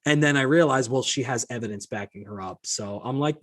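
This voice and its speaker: A podcast host with a mid-range voice and a fairly bright tone rants solo, talking a little fast. Exasperated and indignant, he swears often and reads out messages he received.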